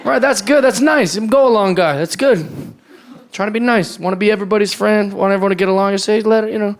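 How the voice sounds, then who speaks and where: A male stand-up comedian with a fairly high, gravelly voice, rambling loosely through his set and slipping into acted-out voices. He is recorded live from a handheld mic on a club stage, with a faint crowd and its laughter behind him. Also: fast. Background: audience laughter.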